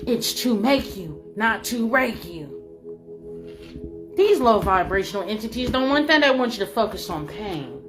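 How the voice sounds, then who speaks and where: A woman giving a spiritual reading in an emphatic, repetitive way, swinging between loud and soft. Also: medium pitch, lively intonation, measured pace. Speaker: spiritual reader. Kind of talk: spiritual channeling monologue. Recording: music playing behind.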